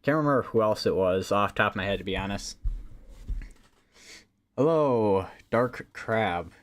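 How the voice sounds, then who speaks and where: Hosting a live weather stream, this man talks casually and rambles, full of fillers and restarts. His voice is lowish and a bit bright, with a brisk delivery.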